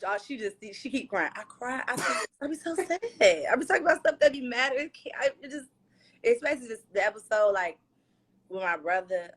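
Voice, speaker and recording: A woman's voice: fairly high pitch, animated, brisk. A woman talking candidly in a loose, slangy way as the guest in a casual livestream chat on her phone. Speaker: reality show star being interviewed.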